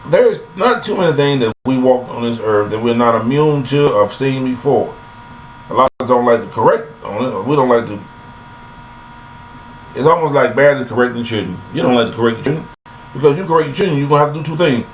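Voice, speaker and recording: Older man with lively, swooping speech. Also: medium pitch, a little fast, a little hiss or hum, poor audio. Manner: folksy and preachy, addresses listeners directly. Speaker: vlogger. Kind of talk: rambling philosophical monologue. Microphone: laptop webcam.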